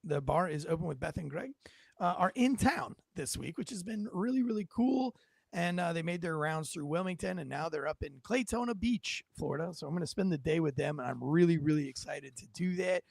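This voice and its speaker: A man hosting a casual political commentary show, animated and joking, his voice raspy from yelling. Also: high voice, fairly quick, no room sound, clean studio sound. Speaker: podcast host.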